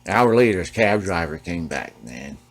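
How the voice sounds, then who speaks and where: A man's voice: low voice, big pitch swings, normal speed. A man hosting his guitar repair channel, telling a story casually as he works, streetwise and profane. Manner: streetwise, profane, keeps saying "you know what I mean". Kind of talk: casual storytelling while working on an instrument.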